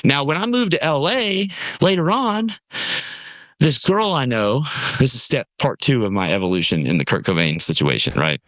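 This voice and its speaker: A man's voice: mid-range voice, moderate pace, dry recording. A man from Nashville, telling a long story as a podcast guest and acting out the people he quotes. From Nashville, USA. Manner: animated storyteller, acts out quoted voices. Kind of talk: casual storytelling conversation.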